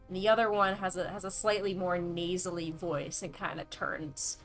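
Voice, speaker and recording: A woman's voice: lowish voice, normal speed, hardly any pauses, soft background music. A woman narrating as dungeon master, describing scenes in an easygoing way with fillers. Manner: relaxed, hesitant descriptions with fillers. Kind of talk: narrating a tabletop game.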